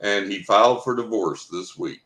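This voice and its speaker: A man's voice: on the low side, normal speed, a bit bright. A man who works as a psychic, telling a long story on a podcast and quoting the people in it. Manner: anecdotal, quotes others in dialogue. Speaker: psychic guest. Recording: roomy echo.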